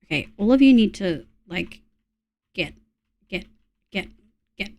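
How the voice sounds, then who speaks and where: Her mid-range voice is creaky and a little mellow, with lively intonation at a measured pace. The young Australian woman chats with viewers during a gaming stream, muttering to herself and swearing when annoyed.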